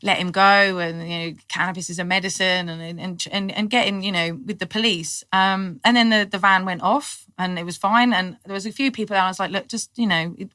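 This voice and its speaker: A middle-aged woman, a podcast guest telling her story in lively, casual talk, acting out what people said and laughing often. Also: mid-range voice, brisk, few pauses, no echo. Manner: animated storyteller, acts out quotes, laughs often. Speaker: guest, cannabis activist.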